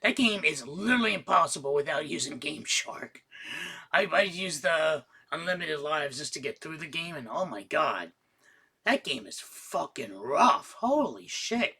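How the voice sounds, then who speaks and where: A man's voice: fairly high pitch, unhurried, slightly rough. A man casually reviewing the games he finished, swearing freely and getting worked up in rants. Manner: casual, profane, excitable rants. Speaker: gaming YouTuber. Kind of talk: casual game roundup.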